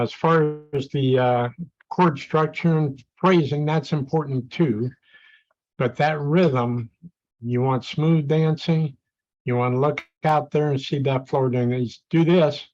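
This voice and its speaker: A man's voice: fairly high pitch, darkish tone. A man in the class offering a friendly comment from his own experience. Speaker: participant in the class. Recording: dull lo-fi sound.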